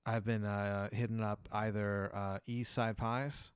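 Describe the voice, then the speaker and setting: A man in a casual comedic chat, laid-back and amused, often halting with fillers. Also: on the low side, little pitch movement, clear, resonant tone, no room sound, clean studio sound.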